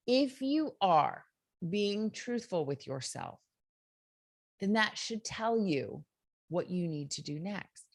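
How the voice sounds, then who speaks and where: A woman's voice: medium pitch, lively intonation, takes it slowly, dry recording, clean studio sound. A woman hosting a motivational self-help talk, earnest and conversational, with many fillers. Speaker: host.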